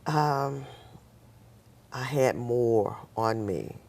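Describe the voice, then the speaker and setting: A woman with an unusually deep voice tells her story as a talk show guest. Her voice has a gravelly, creaky edge. She tells it in a lively way and acts out the people in her story. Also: very slow. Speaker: nurse. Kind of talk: personal storytelling.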